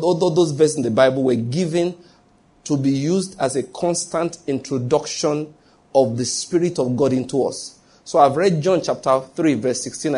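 A man's voice: mid-range voice, warm tone, husky. A man preaching a sermon, often checking that his listeners follow him and restarting his phrases.

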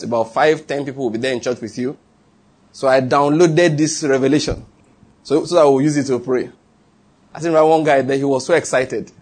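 Husky Nigerian pastor telling stories. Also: male voice, fairly high pitch. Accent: Nigerian English. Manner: animated, laughs often, asks the audience questions. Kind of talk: sermon storytelling.

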